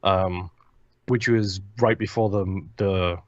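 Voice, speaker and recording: A man's voice: deep voice, fairly even intonation, slow, dry recording, lo-fi sound. A man from Liverpool, co-hosting a podcast in a blunt, rambling, profane way. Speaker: podcast co-host. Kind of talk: casual chat.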